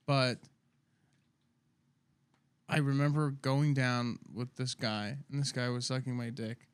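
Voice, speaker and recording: A young man co-hosting a podcast in casual chat, reacting quickly with short interjections and laughing easily. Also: medium pitch, steady tone, smooth, dry recording. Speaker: podcast co-host.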